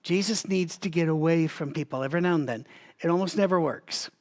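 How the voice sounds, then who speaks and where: A man's voice: fairly high pitch, fairly quick, a little mellow. A man leading a Bible study in a conversational teaching style, thinking aloud with asides and restarts, and coughing now and then. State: has a recurring cough.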